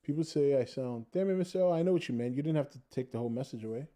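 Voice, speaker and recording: A man's voice: mid-range voice, expressive, very fast, mellow. A man hosting a casual podcast, reading viewer comments aloud and joking with the chat. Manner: laid-back, jokey, reads viewer comments aloud.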